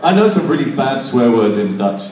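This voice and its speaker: Bawdy, lively man joking in a hall. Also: mid-range voice, moderate pace. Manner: bawdy, playful, laughing. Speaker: convention panel guest. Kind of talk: joking panel banter. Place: large convention hall. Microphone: audience handheld recording. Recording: echoey hall from far off, crowd noise.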